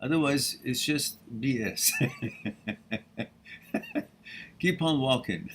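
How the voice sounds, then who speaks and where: A man's voice: mid-range voice, expressive, extremely slow, background noise. Blunt man hosting a live Q&A. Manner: blunt, frank, swears casually, laughs often. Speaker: host answering viewer questions. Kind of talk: live-stream Q&A.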